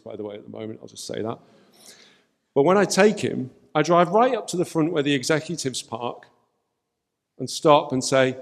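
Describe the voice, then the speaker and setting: A man speaking on a panel, telling animated stories into a shared microphone in an event hall. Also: mid-range voice, vocal fry. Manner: animated, storytelling. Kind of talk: lively anecdotal panel talk. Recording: reverberant hall.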